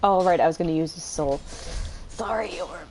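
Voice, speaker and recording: A young woman giving casual gameplay commentary, thinking aloud and pausing on fillers while she eats dinner. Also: on the low side, a little mellow. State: eating while talking. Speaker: gameplay streamer.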